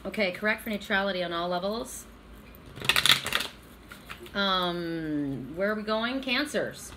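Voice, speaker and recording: A woman's voice: medium pitch, expressive, measured pace, heavy background noise. A woman doing a casual weekly oracle card reading, talking bluntly, swearing freely and checking in with "right?".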